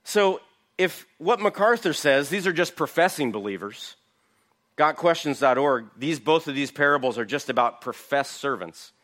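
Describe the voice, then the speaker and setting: A man's voice: fairly high pitch, lively intonation, normal speed, a bit bright. A man giving an emphatic verse-by-verse Bible teaching, asking his listeners questions. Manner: emphatic, asks the audience rhetorical questions.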